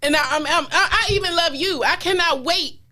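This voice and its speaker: Bright-voiced woman hosting a chat show. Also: very high voice, fairly quick. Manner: emphatic, repeats phrases for emphasis. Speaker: show host. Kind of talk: casual inspirational chat.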